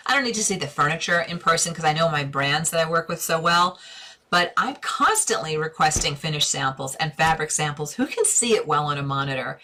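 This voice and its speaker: A woman's voice: low voice, sharp tone. A middle-aged woman hosting a live interior design stream, answering viewer questions in a chatty, direct way and using endearments.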